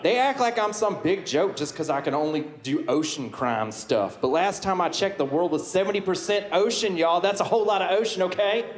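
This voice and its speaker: A man's voice: high-pitched, lively intonation, a little fast, few pauses. A man playing a flamboyant southern superhero of the sea, speaking with a sassy Southern US drawl and folksy catchphrases in a stand-up roast. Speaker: roast comedian in character. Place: comedy club stage. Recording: echoey club with audience laughter. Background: crowd laughing.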